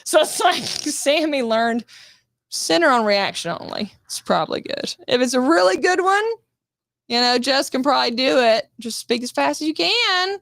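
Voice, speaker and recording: A fairly high-voiced woman tells lively stories from her acting jobs, jumping into quoted voices and cursing freely. The sound is dry and close on a podcast mic. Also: normal speed, gravelly, dry recording. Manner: animated, swearing, acting out quotes. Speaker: guest actress. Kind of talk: casual storytelling interview.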